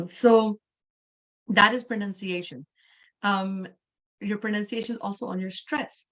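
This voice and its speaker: A woman's voice: mid-range voice, steady tone, a little slow, lo-fi sound. A middle-aged Canadian woman teaching an English class, explaining patiently step by step with repeated examples. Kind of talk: online class lecture.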